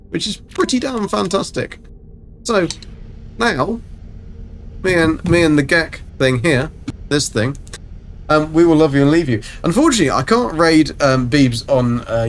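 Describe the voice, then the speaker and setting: A man's voice: a little high, a little hiss or hum. A man chatting casually and rambling through a live game stream. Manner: chatty, rambling, self-mocking.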